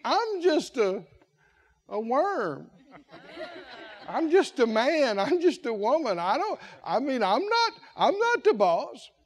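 A man's voice: very high-pitched, big pitch swings, slow pace, heavily acted. A man voicing a crying, reluctant worker who stammers and pleads that he cannot do the job. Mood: whiny pleading. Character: whimpering reluctant adult ministry worker.

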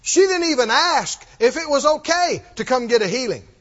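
High, lively preacher man in a sermon. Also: normal speed, dull audio. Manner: animated storytelling, acting out quoted lines with chuckles.

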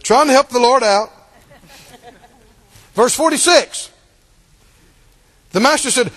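A man preaching a sermon, laughing often and acting out the scripture scenes in lively voices. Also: very high voice, slow, long pauses.

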